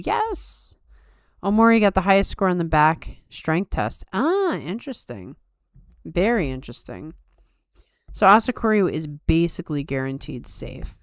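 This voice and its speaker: A woman's voice: low voice, big pitch swings, a little slow, clear, resonant tone, no echo, clean studio sound. A woman hosting a casual live-stream chat, upbeat and chatty, reading comments aloud, tired late at night. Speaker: podcast host.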